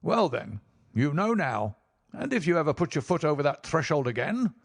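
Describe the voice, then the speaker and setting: A man voicing a sly middle-aged gentleman whose overly coaxing manner hides menace, for an audiobook. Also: fairly high pitch, very animated, moderate pace, gravelly, voice pushed up, exaggerated voice. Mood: menacing.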